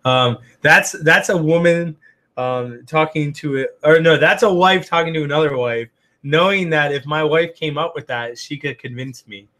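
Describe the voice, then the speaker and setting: Raspy man chatting casually on a livestream. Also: a little high, normal speed, pushed and bright. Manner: rambling, heavy on "um" and "like"; reads viewer comments and answers them. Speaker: livestream host.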